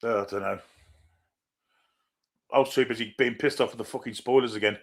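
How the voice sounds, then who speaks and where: Fast-talking blunt man. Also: mid-range voice, fairly even intonation. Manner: blunt, grumbling, swearing. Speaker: co-host. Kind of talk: live football watchalong chat.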